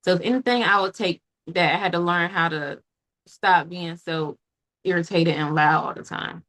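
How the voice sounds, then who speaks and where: A woman hosting a casual podcast conversation, talking earnestly and reflectively in quick bursts. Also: on the low side, steady tone, a bit bright. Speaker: podcast host.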